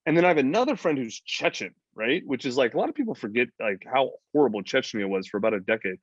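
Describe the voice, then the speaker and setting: A man's voice: mid-range voice, lively intonation, quick pace, breathy edge, no echo. A man, a podcast guest talking casually, blunt and profane, rambling with lots of fillers. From United States. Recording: slightly dull, dry lo-fi audio.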